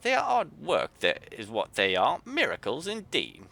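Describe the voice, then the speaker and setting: A man voicing a gruff, grumbling female mechanic with a put-on Yorkshire accent in a video game. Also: medium pitch, huge pitch swings, measured pace, pushed and bright, pitched above the performer's own voice, full character voice. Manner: grumbling, exasperated.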